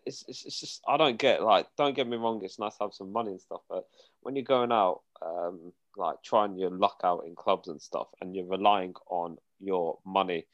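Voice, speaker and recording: A young man bantering excitedly and teasing on a casual podcast. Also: low voice, normal speed, lo-fi sound. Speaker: podcast co-host.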